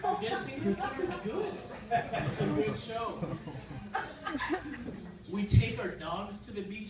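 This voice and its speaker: A young man with an American accent performing a stand-up set, telling his stories deadpan and breaking into sudden loud outbursts. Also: high voice. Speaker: stand-up comedian. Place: comedy club stage. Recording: echoey club room from far off, noisy. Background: audience laughter.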